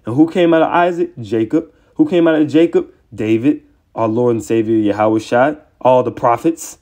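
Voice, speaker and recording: A man teaching scripture in a heated online sermon, combative and excitable, taunting opponents with profanity, then reading verses aloud and stopping to comment on them. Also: medium pitch, normal speed. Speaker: religious teacher.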